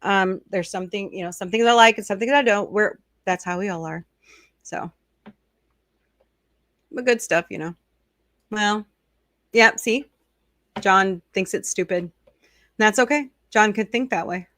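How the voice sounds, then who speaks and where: A chatty middle-aged woman hosts a casual livestream, reading and answering viewer comments as she goes. Her medium-pitched, slightly bright voice moves at normal speed with long pauses, captured on a dry close mic with no room sound.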